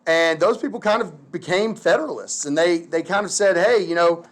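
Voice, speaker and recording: A man teaching history in a casual, slangy, animated lecture full of filler words. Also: high voice, a little fast. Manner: slangy, animated, lots of "like" and "dude".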